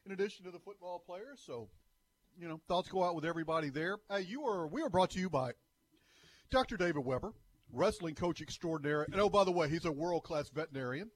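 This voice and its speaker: A man's voice: high voice, fast talker, no echo. A man co-hosting a sports talk radio show, telling jokey stories in casual banter. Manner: lively, jokey storyteller.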